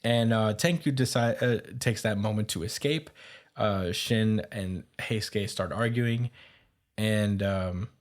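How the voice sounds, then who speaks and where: A man's voice: lowish voice, takes it slowly. A man hosting a podcast, casually recapping a comic's plot with many fillers, stumbles and chuckles. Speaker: podcast host.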